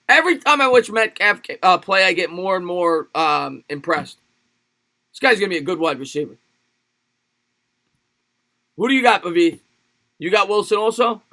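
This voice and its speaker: Male stream host, excitable play-by-play, forceful bright tone, loose chatter between plays. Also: sits high, moderate pace, pauses often. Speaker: livestream sports host. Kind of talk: live play-by-play and chat with viewers.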